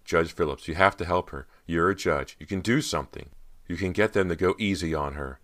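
A man with a very deep voice reading the lines of a loyal, anxious teenage boyfriend who speaks earnestly and urgently. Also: steady tone, normal speed, fairly bright tone.

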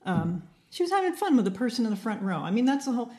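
A woman's voice: on the high side, very animated, fast, warm tone. A woman hosting a podcast, chatting casually with a friend and dropping playful, joking asides. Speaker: podcast host. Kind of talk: casual chat.

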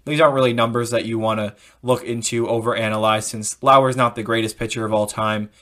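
A man's voice: mid-range voice, steady tone, a little fast, fairly bright tone. Opinionated man rambling on a podcast. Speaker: podcast host. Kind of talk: casual sports podcast commentary.

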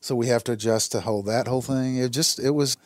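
A man speaks earnestly, recounting hard times in a close, dry recording. His voice sits at an ordinary middle pitch, and he slips into the other voices in his stories as he goes. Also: steady tone, fast, dry recording. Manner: earnest storytelling, acts out dialogue with God. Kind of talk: conversational testimony.

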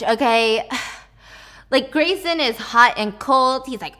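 A woman's voice: high voice, takes it slowly, pushed and bright. A young woman retelling a novel's plot in a casual, chatty way, full of fillers and slangy asides. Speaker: book recap creator. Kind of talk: casual storytelling recap.

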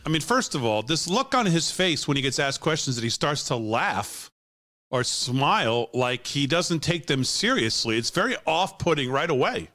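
A man's voice: a little high, very animated, normal speed, bright, forceful tone. A man hosting a talk show, giving heated, scornful political commentary and laughing often.

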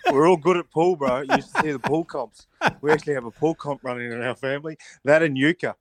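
A middle-aged man, a rugby pundit on a weekly radio spot, telling stories in an animated way, laughing often and restarting his sentences. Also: on the high side, fast talker, dry recording. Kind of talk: casual radio chat.

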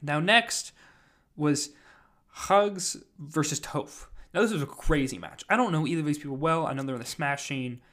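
A man's voice: a little high, moderate pace, fairly bright tone. A man casually recapping a live event, rambling with lots of fillers and "like". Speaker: podcast host recapping an event.

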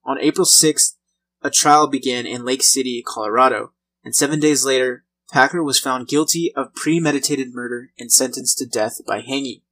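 A man's voice: mid-range voice, moderate pace, fairly bright tone, poor audio. A man casually reading out a true-crime history, conversational, with small slips and restarts.

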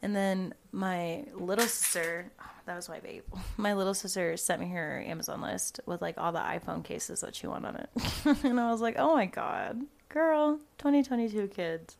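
Gravelly young woman podcast host. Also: lowish voice, steady tone, normal speed, a little hiss or hum. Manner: rambling, swears a lot, says "like" often. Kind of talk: casual chat.

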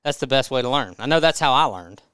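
A man's voice: mid-range voice, animated, fast, fairly bright tone, smooth, dry recording. A man casually telling a funny hunting story as a podcast guest, laughing as he goes.

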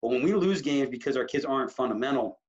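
Animated rambling coach, muffled sound. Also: male voice, medium pitch, fast talker. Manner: animated, rambling, full of restarts and self-quotes. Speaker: high school basketball coach, guest. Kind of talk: casual podcast interview. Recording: slightly muffled audio.

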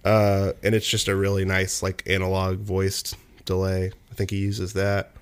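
Young man, low-pitched, casual rambling chat, fillers and restarts. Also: monotone, normal speed, clear, resonant tone. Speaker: musician and producer guest. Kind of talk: casual conversation.

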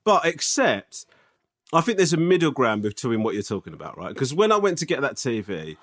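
A man, telling animated stories in a casual podcast chat and swinging into mock outrage. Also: medium pitch, brisk.

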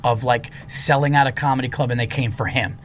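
A man in his forties, a comedian, telling stories in a casual, animated way and acting out the people he quotes. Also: mid-range voice, a little fast, a little hiss or hum. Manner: animated storyteller who acts out quotes. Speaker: comedian guest. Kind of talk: casual storytelling.

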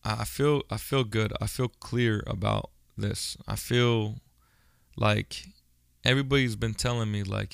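A man's voice: lowish voice, steady tone, unhurried, gravelly, a bit bright, clear, resonant tone, no room sound, studio quality. A young adult man hosting a podcast, talking in a blunt, profane, rambling monologue full of restarts. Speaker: podcast host. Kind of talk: casual monologue.

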